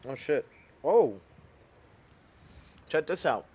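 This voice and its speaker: A young man giving relaxed, chatty commentary over his game, thinking aloud and swearing casually. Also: fairly high pitch, slow, breathy edge. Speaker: gaming YouTuber.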